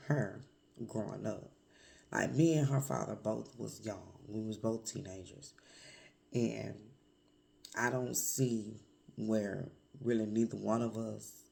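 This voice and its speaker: Hoarse, gravelly woman vlogger. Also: extremely low pitch, darkish tone. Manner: candid, reflective, with many pauses and fillers. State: hoarse from a cold. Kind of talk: personal confessional vlog.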